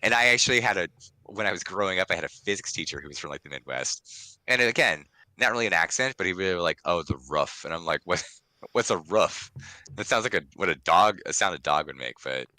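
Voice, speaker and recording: A man's voice: deep voice, animated, fast talker, sharp tone, no room sound, rough recording. A man from Washington, D.C. co-hosting a casual podcast, telling stories with lots of fillers. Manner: chatty storyteller, many fillers. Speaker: podcast co-host.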